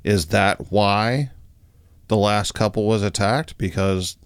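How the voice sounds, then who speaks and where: A man's voice: fairly low pitch, slow, clear, resonant tone, dry recording, studio quality. A man co-hosting a podcast, reacting to a true-crime story with playful, theatrical speculation. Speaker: podcast co-host. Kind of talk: casual podcast banter.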